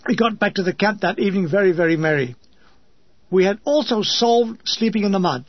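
A man narrates a memoir with dry, deadpan humour. His voice is high and husky. The recording sounds dull and lo-fi, with a close, dry sound. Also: fairly quick, no echo. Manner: dry comic storytelling.

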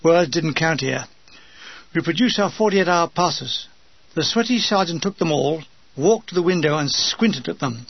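Older man, dry wry memoir narration, raised pitch, husky rasp, close dead room, dull muffled sound. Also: lively intonation, moderate pace, dry recording. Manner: dry comic delivery, mimics comrades in brief put-on voices. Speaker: narrator reading his war memoir. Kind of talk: humorous memoir reading.

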